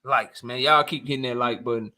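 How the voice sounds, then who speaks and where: A man's voice: medium pitch, fairly even intonation, a little fast, bright, forceful tone. A young man hosting a casual livestream debate, talking heated and slangy, repeating himself and often laughing. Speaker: host.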